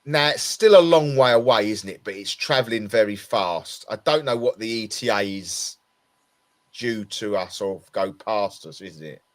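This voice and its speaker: This Essex-accented podcast co-host sounds tired yet lively in his intonation, speaking lowish at normal speed. In easygoing conversation, he rambles and repeatedly begins again.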